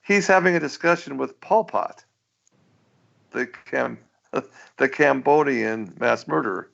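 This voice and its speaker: A man's voice: medium pitch, expressive, slow pace, vocal fry, a bit bright. A male radio host in casual chat who stammers and restarts often and chuckles as he talks, over muffled lo-fi radio audio.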